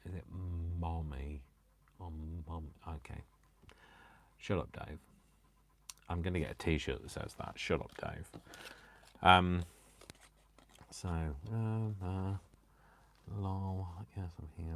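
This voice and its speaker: Cutting paper on his live crafting stream, this host chats easily and mocks himself, tossing jokes to himself and the viewers. His deep voice is a bit bright, and he talks slowly with long pauses.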